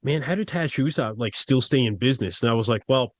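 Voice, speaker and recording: A man co-hosts a podcast in a relaxed, joking way and stumbles over his words now and then. The recording is dry, with no room sound. His voice sits at a middle pitch. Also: quick pace, no room sound. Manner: laid-back, joking, stammers. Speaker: podcast co-host. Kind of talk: casual podcast chat.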